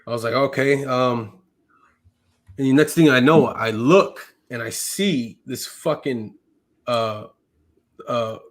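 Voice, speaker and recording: Slow and punctuated by long pauses, his medium-pitched voice carries a lengthy personal story. He's an army medic veteran guesting on a podcast, chatting casually while swearing frequently and using "uh" and "like" as fillers.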